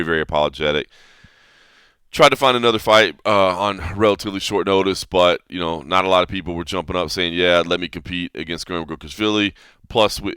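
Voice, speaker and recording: Male podcast host, low and resonant, dry close sound, rambling and animated. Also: clear, resonant tone, dry recording. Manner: rambling, animated, corrects himself mid-sentence. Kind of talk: casual podcast commentary.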